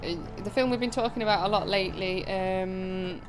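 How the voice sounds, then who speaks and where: A woman's voice: mid-range voice, moderate pace. A woman with a Derbyshire-Yorkshire border accent, chatting casually and self-mockingly while streaming a game, swearing now and then. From Chesterfield, England. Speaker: gaming streamer. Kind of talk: casual let's-play chat. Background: game music.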